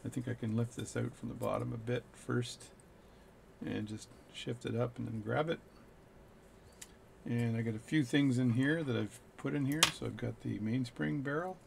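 Middle-aged male watchmaker, casual bench play-by-play, slightly gravelly. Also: medium pitch, slight background noise. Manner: chatty, joking, narrates as he works. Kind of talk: workbench play-by-play chat.

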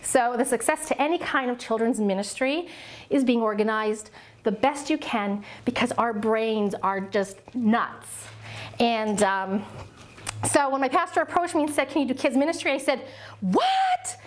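Woman, 40s, bright high voice, conference speaker, playful and dramatic, performs the voices of people she quotes. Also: normal speed. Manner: animated, self-mocking, acts out quoted voices. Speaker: workshop speaker on children's ministry. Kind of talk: lively conference workshop talk. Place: church workshop room with a small audience. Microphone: podium.

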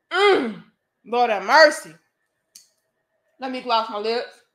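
A woman delivers a preachy, emphatic opinion monologue, heavy with profanity and rhetorical questions. Her voice sits high and she takes her time, letting each point land, while the room adds a clear echo. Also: animated, slow, pauses often, fairly bright tone. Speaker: vlogger. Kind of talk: opinion monologue to a live audience.

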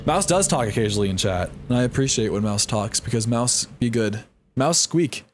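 A man streaming a horror game live, reacting in a goofy, excitable way and often yelping up high. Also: a little fast. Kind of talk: live gameplay commentary. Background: game music.

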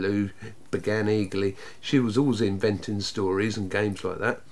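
A man reading a children's book aloud, narrating in an expressive, lively way. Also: lowish voice, normal speed. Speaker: storyteller.

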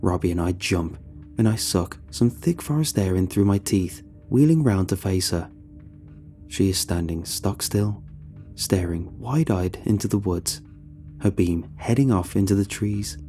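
A man narrating a scripted horror story in a steady, suspenseful manner. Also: low voice, a little slow. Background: faint background music.

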